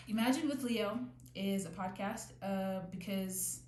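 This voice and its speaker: A woman's voice: mid-range voice, slow pace. Rambling young woman podcast host. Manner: rambling, self-correcting, restarts often. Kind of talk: casual solo podcast talk. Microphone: new podcast mic. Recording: echoey room, faint background noise.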